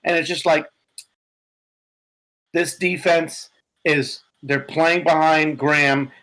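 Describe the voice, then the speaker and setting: A man co-hosting a sports podcast, talking excitedly and profanely about his team's win, his voice a bit hoarse. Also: fairly high pitch, slow, rough recording. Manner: animated, profane, laughing. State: hoarse from yelling. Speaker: podcast co-host, Giants fan.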